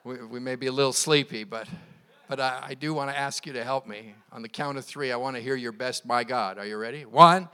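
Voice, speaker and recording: A man's voice: mid-range voice, fairly even intonation, fairly quick, a bit bright, smooth. A man preaching a sermon at a church service, quoting scripture with passion and leading the congregation in call and response. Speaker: pastor.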